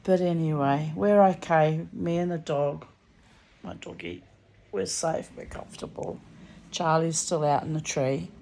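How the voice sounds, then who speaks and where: A lowish-voiced woman talks from her bed in a loose, rambling monologue. She sounds tired and under the weather, but she keeps chatting and drifting into asides. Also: steady tone, a little slow, vocal fry, few pauses, warm tone, a little hiss or hum. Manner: chatty, storytelling, many asides. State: tired and unwell. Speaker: vlogger. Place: lying in bed at home.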